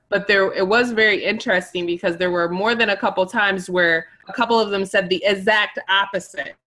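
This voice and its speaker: A woman's voice: on the low side, fairly bright tone, low-quality recording. A woman on a team video call, reflectively recounting points she remembers. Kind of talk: casual recap on a video call.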